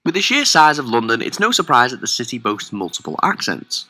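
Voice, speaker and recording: A man narrating a countdown video in a smooth, measured, scripted presenting style. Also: medium pitch, very animated, bright, forceful tone.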